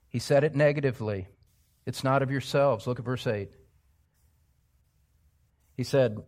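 A male pastor preaching an expository sermon in a church, emphatic, dropping to hushed asides and rising to loud exclamations. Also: medium pitch, a little slow, long pauses.

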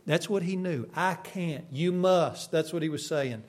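A man preaching a sermon, swinging from sudden loud bursts to hushed, quiet lines. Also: on the high side, animated, a little slow, hardly any pauses.

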